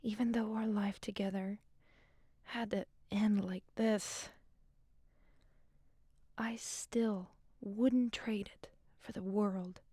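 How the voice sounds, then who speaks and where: A dying wife's soft farewell. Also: female voice, medium pitch, fairly even intonation, slow pace, long pauses, breathy edge, no echo, clean studio sound. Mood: tender whisper. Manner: soft, intimate, half-whispered. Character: dying wife reading her farewell letter. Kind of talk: voiced game letter reading.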